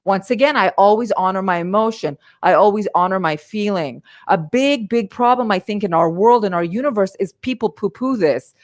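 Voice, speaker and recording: A middle-aged woman speaks to her livestream audience in a passionate, emphatic talk. She repeats words for weight and pushes her points with feeling, in an ordinary mid-pitched woman's voice picked up by a webcam mic. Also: moderate pace, few pauses. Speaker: life coach and livestream host. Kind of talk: live-streamed motivational talk.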